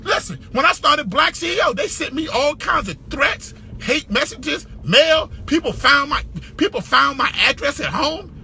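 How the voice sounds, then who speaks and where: A man giving a motivational business talk, emphatic and repetitive, shouting for emphasis and calling out to the audience. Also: very high voice, expressive, normal speed, gravelly, few pauses, slight background noise. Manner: preacher-like call-and-response. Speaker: business speaker.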